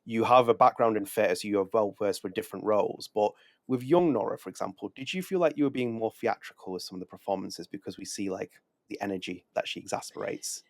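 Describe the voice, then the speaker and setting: A man's voice: lowish voice, quick pace, dry recording. A man hosting a podcast interview, asking eager questions. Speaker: podcast host. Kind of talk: conversational interview.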